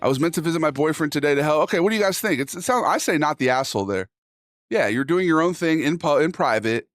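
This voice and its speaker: A man with a fairly high speaking voice hosts a casual livestream, reading posts aloud and reacting to them. He swears freely and jokes back at his chat. A clear instrumental beat plays under his talk throughout. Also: lively intonation, quick pace, no echo, clean studio sound. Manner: profane, jokey, talks back to chat. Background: instrumental music playing under the talk.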